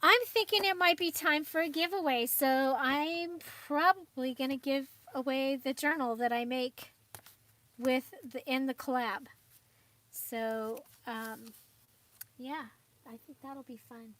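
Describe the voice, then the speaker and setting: A woman's voice: sits high, unhurried, fairly bright tone. A woman hosting a crafting channel, chatting casually and rambling with frequent fillers and little laughs. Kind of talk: casual livestream chat.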